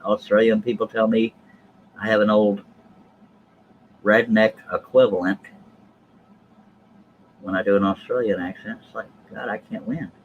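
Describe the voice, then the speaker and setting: A man's voice: on the low side, level tone, unhurried, pauses often, muffled recording, a little hiss or hum. Folksy man chatting on a stream. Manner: folksy, jokey, addresses chat viewers. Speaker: live stream host. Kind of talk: casual live stream chat.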